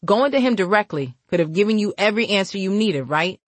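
A blunt, family-loyal older brother lectures in street slang, read by a woman. His lines carry lively swings of pitch, and the recording is dry and close-miked. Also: brisk, no echo, close to an everyday voice. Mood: firm.

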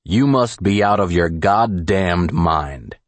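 A gruff small-town sheriff, played by a male narrator, with a very deep, gravelly growl. He speaks slowly and threateningly, like a lawman who expects to be obeyed. The audiobook recording is dry and close. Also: lively intonation, no room sound. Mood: menacing.

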